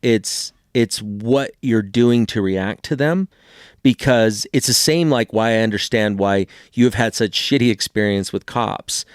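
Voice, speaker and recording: A man's voice: fairly low pitch, unhurried, smooth, no room sound, clean studio sound. A man in his forties, a co-host in casual chat, talking bluntly and swearing freely.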